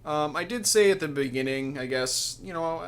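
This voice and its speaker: A man's voice: on the high side, normal speed, smooth. A man giving casual let's play commentary, sarcastic and grumbling, cursing and laughing at the game.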